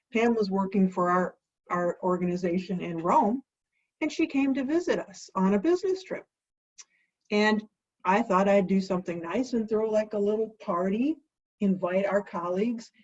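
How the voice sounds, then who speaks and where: Playfully chatting her way through a home cocktail show, this American host asks and answers her own questions. She has a mid-range voice, and the audio is dull.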